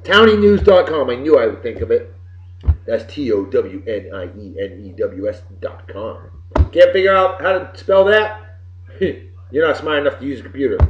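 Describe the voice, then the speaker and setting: A man's voice: medium pitch, animated, moderate pace, slight background noise. Boisterous man hosting in a roomy space. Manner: boisterous, folksy, swearing, wisecracking. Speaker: show host. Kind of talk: casual birthday shout-outs on a web show. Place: home room with computer behind him. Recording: roomy, dull lo-fi webcam audio.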